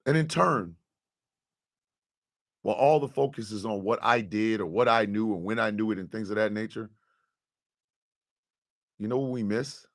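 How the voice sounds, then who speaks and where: A man hosting his show, talking to his audience in an impassioned, profane monologue that swings from quiet confession to loud outrage. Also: lowish voice, moderate pace, pauses often.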